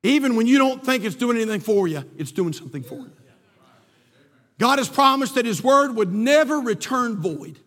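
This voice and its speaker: A man preaching a sermon with fervent energy, his voice sitting strikingly high for a man. He rattles off scripture and throws rhetorical questions at the congregation. The sound carries a long reverb from a large church sanctuary. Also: animated, moderate pace, fairly bright tone. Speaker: pastor.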